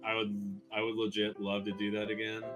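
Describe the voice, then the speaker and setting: Flat, low-voiced man, laid-back interview. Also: a little fast, music in the background. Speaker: speedrunner interviewed in a documentary. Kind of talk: casual interview.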